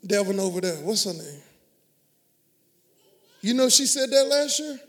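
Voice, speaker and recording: A man's voice: sits high, animated, unhurried, fairly bright tone. A middle-aged man, preaching a sermon as pastor with emphatic call-and-response. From Houston area, US.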